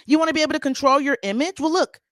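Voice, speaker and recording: Sassy young woman host for a reality TV recap, bright higher voice, dry close sound, dramatic delivery. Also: very fast, no room sound. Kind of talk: casual gossip recap.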